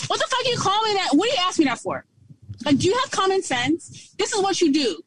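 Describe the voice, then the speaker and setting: A woman's voice: sits high, big pitch swings, fairly quick, far from the mic, a little hiss or hum, rough recording. A woman who works in health care, ranting bluntly and with exasperation, full of swearing, in casual chat among friends. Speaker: health worker fielding patient calls.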